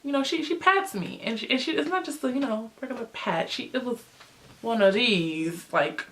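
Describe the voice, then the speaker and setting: A young woman vlogger telling a story in a casual, chatty way, with lots of fillers, jumping high in pitch when she acts out what people said. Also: normal speed. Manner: animated, acts out quotes with big pitch jumps.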